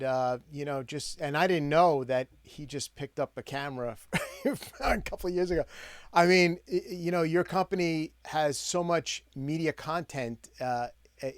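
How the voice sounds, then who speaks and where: An older man hosting a live interview show, talking in a halting way with many fillers and restarts. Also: a little high, no echo. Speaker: host. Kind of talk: casual interview chat.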